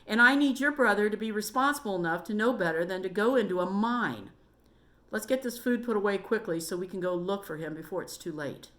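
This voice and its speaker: A woman's voice: mid-range voice, brisk, fairly bright tone, close to an everyday voice. Woman as a worried, firm mother.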